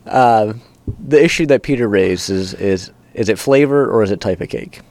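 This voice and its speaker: A man co-hosting a podcast, talking casually and telling animated stories. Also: lowish voice, normal speed. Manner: chatty, animated storyteller. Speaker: podcast co-host. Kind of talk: casual chat.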